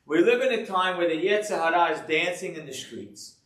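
A man preaches as a rabbi with a high, lively voice. He talks to his audience in a joking, rhetorical way. The sound is roomy and echoey. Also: brisk, recorded from a distance. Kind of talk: sermon to a live audience. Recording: echoey room.

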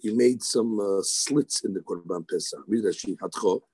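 A man teaching Talmud in a lively study session, mixing Hebrew terms into his English. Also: fairly low pitch, moderate pace, no echo. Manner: animated, excitable, mixes Hebrew terms into English.

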